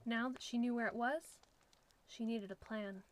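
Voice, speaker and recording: A woman's voice: fairly high pitch, fairly even intonation, normal speed, rough recording. Woman narrating a suspenseful story.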